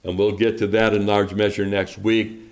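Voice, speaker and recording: A man preaching a sermon to his congregation, speaking deliberately and building emphasis through repetition. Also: fairly low pitch, flat delivery. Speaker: pastor.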